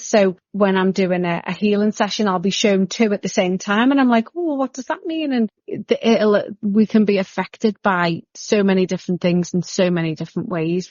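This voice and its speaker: A woman's voice: medium pitch, no echo, lo-fi sound. A woman who works as an energy healer, chatting as a podcast guest and acting out voices as she tells stories. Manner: animated storyteller acting out quoted voices. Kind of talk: casual interview chat.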